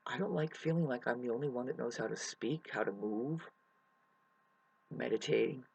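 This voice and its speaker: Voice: medium pitch, moderate pace, vocal fry, a little mellow, slightly rough, poor audio. A vlogger ranting emotionally to camera outdoors in the mountains, swearing and rambling. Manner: emotional, profane, restless.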